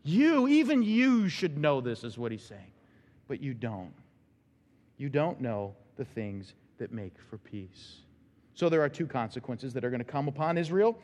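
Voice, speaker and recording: A male pastor preaching a sermon in a church, emphatic, with sudden loud, high bursts. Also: normal speed, long reverb tail. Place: church sanctuary.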